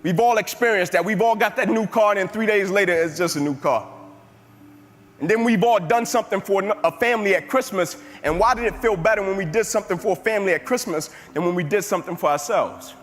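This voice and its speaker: High-voiced man preaching in echoey hall. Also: fast talker. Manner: emphatic, repetitive building cadences. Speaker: motivational speaker. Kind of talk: live inspirational speech. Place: large hall before an audience. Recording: reverberant hall with music underneath.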